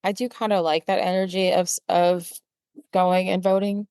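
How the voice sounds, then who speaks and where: A woman co-hosting a podcast in casual chat, speaking in a measured, gently teasing way. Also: on the low side, flat delivery, clean tone, dry recording, studio quality. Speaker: podcast co-host.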